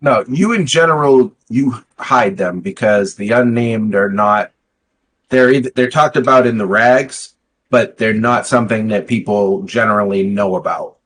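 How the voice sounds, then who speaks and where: A man's voice: fairly low pitch, measured pace, a bit bright, husky, low-quality recording. A man acting as game master who explains the setting and rules in a plain, explanatory way.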